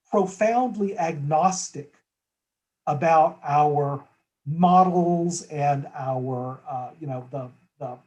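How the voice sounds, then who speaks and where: A man's voice: a little high, darkish tone, low-quality recording. Man with restarts and tag questions. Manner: thoughtful, circling, frequent restarts and tag questions. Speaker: guest. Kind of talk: conversational market discussion.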